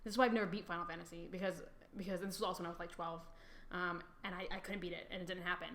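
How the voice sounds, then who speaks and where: Casting note: woman in her twenties, quick animated podcast co-host, self-mocking storyteller, echoey room. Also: fairly low pitch, slight background noise. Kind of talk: casual chat.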